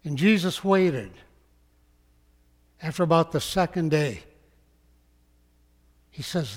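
Slow-preaching man in an echoing hall. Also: a little high, lively intonation. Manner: slow, emphatic preaching that drops to hushed tones. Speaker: pastor. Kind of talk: sermon.

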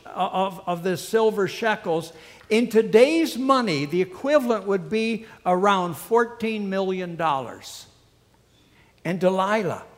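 A high-voiced male preacher tells a story in a lively, swooping voice and unhurried pace, and keeps adding casual asides. His words echo with long reverb through a large church hall. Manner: animated, conversational retelling with asides. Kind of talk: sermon storytelling.

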